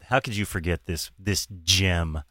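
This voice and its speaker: A man's voice: sits low, animated, slow pace, noisy background. A man hosting a podcast in casual chat, laughing often and swearing freely as he talks. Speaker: podcast host.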